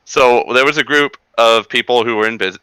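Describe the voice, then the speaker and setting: A man from the western US chatting casually on a podcast, telling animated stories and slipping into mock accents. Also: medium pitch, normal speed, smooth, no echo, low-quality recording. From western United States. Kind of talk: casual chat.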